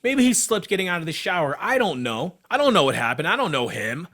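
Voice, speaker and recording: A man's voice: fairly high pitch, big pitch swings, fairly quick, bright, forceful tone. A young man co-hosting a casual podcast, talking about his fighting career in a blunt, profane, worked-up way. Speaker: podcast co-host, MMA fighter.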